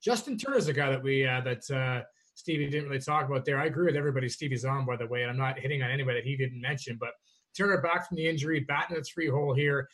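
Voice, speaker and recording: A man giving a quick, confident rundown of fantasy baseball picks as a co-host. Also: mid-range voice, fairly bright tone. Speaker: co-host analyst. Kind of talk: fantasy baseball strategy chat.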